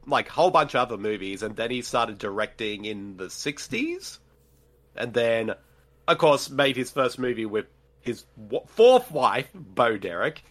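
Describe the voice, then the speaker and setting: A man casually commenting on a movie with friends, often giggling. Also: mid-range voice. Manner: giggly, animated, bursts of laughter. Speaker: podcast co-host.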